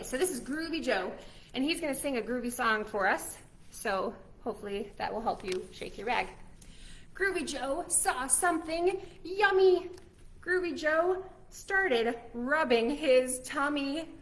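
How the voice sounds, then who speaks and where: A woman's voice: on the high side, a bit bright. A young adult woman, a children's librarian, cheerfully leading kids through a cooking demo and storytime. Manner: cheerful, encouraging, talks straight to kids.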